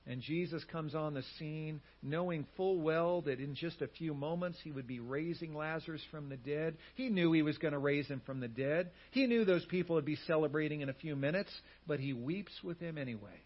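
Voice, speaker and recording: A male pastor preaching a sermon, swinging from loud emphatic lines to hushed, quiet words. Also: a little high, fairly quick, few pauses, husky, muffled recording.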